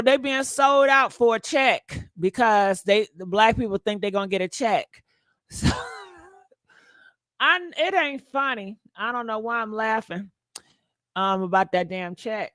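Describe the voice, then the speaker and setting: A woman hosting a gossip channel, giving blunt, animated casual commentary straight to her viewers. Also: medium pitch, a little slow, no echo.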